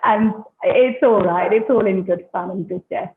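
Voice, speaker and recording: A woman's voice: mid-range voice, normal speed, a little hiss or hum. A British woman from London in her fifties, chatting as an interview guest and laughing often. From London, England. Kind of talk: casual interview chat. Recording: echoey, tinny phone-like line.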